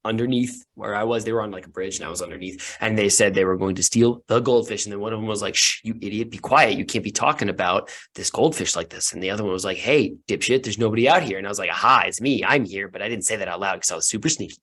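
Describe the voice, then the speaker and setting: Tabletop figure: man voicing a naive young guy, stammering, sorry, a bit low and soft. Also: quick pace, hardly any pauses. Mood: eager. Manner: stammering, repetitive, apologetic. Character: naive, tearful, eager-to-please young male informant.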